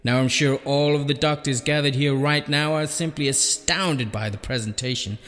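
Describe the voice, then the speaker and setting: A man's voice: medium pitch, normal speed, fairly bright tone, long reverb tail, soft background music. A man acting as a formal, stumbling compère in a comedy sketch.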